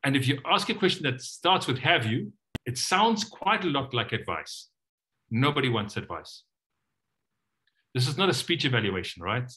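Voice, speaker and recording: Male trainer, bright and lively delivery, teaches by acting out sample questions on a video call. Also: medium pitch, normal speed. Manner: animated, acts out questions in different voices. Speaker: coaching trainer. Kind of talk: online training session.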